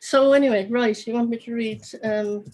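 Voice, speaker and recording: A woman's voice: fairly high pitch, steady tone, normal speed, mellow, poor audio. A woman with a Cork accent, an author chatting over a video call, rambling with lots of asides. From Ireland. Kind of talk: casual conversation.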